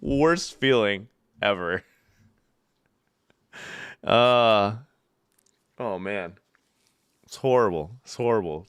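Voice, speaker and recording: A man's voice: fairly low pitch, expressive, extremely slow, long pauses, a bit bright, clean tone, no room sound, studio quality. A young man from upstate New York chatting casually with his live chat from home, reading out messages and telling loose, profane stories with bursts of laughter. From Syracuse, New York. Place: home room.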